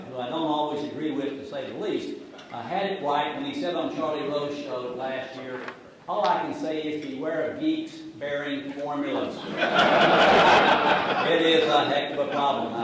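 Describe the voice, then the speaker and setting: A middle-aged man, giving a sarcastic, jokey talk on finance to a live audience and speaking to it directly. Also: fairly high pitch. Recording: echoey hall from far off, noisy.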